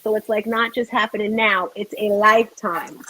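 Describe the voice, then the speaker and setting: A woman's voice: medium pitch, steady tone, normal speed, bright, forceful tone, slight background noise, low-quality recording. A woman hosting a home cooking show, chatting casually and rambling to viewers while she cooks.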